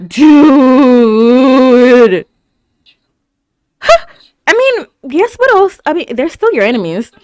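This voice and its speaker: Excitable high-voiced woman reacting to anime. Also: very slow, pauses often, no echo. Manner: exclamatory, gasping, stammering. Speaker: reaction video host. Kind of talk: live anime reaction commentary.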